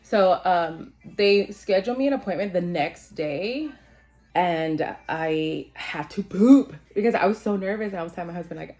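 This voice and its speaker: A woman's voice: on the low side, moderate pace, darkish tone. A young woman vlogger telling a personal story in a casual, chatty way, full of "like" fillers and the odd swear word, acting out what people said. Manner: chatty, frequent "like" fillers, swearing, acts out quoted voices. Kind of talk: casual storytelling while getting ready.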